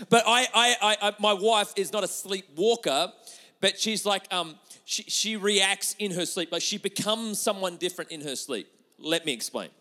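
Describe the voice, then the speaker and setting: High-voiced chatty male pastor preaching. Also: moderate pace, long reverb tail. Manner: animated, chatty, with many restarts, addressing the audience. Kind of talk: sermon with storytelling.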